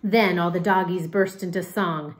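A teacher reading a picture book aloud at home, expressive, stopping to explain words. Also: female voice, fairly low pitch, moderate pace.

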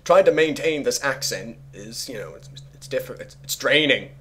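A man's voice: medium pitch, lively intonation, normal speed, pushed and bright. A young man giving casual, rambling game commentary as a let's play host, sarcastic and swearing freely.

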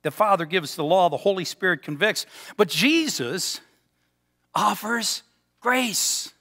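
A man preaching a sermon as pastor, telling stories and slowing down for emphasis in a church sanctuary. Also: high-pitched, expressive, pushed and bright. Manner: storytelling, slows for emphasis. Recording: long hall reverb.

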